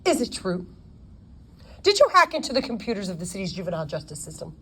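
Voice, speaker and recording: A woman's voice: medium pitch, sing-song, a bit bright. A woman voicing a polite, dapper male attorney with a British accent in an audiobook. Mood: friendly. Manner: polite, cheerfully brisk.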